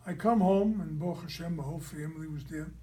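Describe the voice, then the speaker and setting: A man, a rabbi, teaching a class through an animated personal story and checking in with his listeners. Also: a little high, fast talker. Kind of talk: storytelling lecture.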